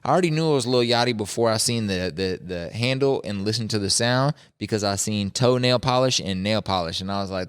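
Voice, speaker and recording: A man's voice: lowish voice, fairly bright tone, clean tone. A man hosting a podcast, chatting casually in a laid-back, slangy, opinionated way. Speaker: podcast host. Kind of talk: casual chat.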